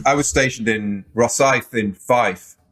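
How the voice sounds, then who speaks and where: A middle-aged British man, an author and journalist, talking in a relaxed, rambling way with many fillers during a podcast interview. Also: mid-range voice, slow pace, slightly rough. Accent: British English. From Britain.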